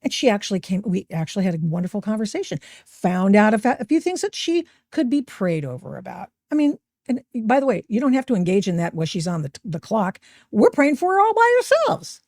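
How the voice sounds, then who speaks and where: Animated sarcastic woman podcast host. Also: medium pitch, quick pace, no room sound, clean studio sound. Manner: sarcastic, animated, mocking voices she quotes. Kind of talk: opinionated commentary over video clips.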